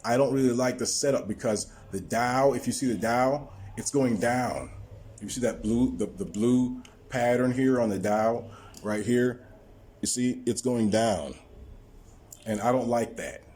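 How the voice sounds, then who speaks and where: A man talking viewers through his stock trade on screen, halting often with repeated words and fillers. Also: medium pitch, a little mellow. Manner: explaining to viewers. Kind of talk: screen-recorded trading walkthrough.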